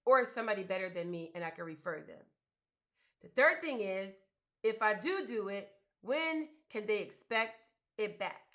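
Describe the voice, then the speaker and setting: A woman's voice: medium pitch, expressive, normal speed, sharp tone. Woman host, motivational live talk, emphatic and colloquial, chatty. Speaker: host giving business grant advice.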